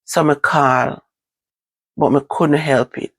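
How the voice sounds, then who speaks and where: A woman's voice: deep voice, fairly even intonation, dry recording. Jamaican woman telling a personal story. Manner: halting, repetitive recounting. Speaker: vlogger.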